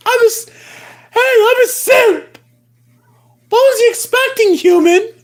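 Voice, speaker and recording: A squeaky, very high lovesick plush toy played by a woman who gushes and wails melodramatically through a comic live-stream skit. The talk drags out slowly, each word stretched with overwrought longing. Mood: lovesick wailing. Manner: wailing, gushing, melodramatic.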